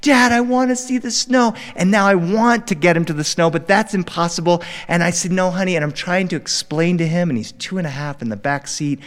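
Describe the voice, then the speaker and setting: Animated middle-aged male storyteller. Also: a little high, a little fast, few pauses. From Delaware. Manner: animated, warm, playful, acting out characters. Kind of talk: live storytelling performance. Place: studio with a live audience. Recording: long reverb in a studio hall.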